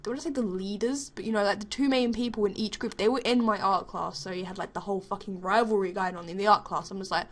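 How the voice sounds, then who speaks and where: A woman's voice: medium pitch, fairly even intonation, fast talker, few pauses. A young woman chatting over her gameplay, telling a story as she goes. She rambles and swears freely, leaning on plenty of fillers. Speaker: gaming vlogger.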